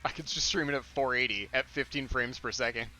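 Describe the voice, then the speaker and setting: A young man co-hosting a casual gaming stream, talking low-key and often mumbling asides. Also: fairly even intonation, fairly quick, bright, forceful tone, soft background music. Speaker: co-host.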